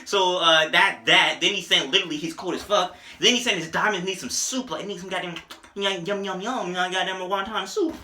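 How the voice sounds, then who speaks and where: A young man casually reviewing an album, animated and profane, joking and rapping lines along. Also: high-pitched, brisk. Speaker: music reviewer. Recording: echoey room.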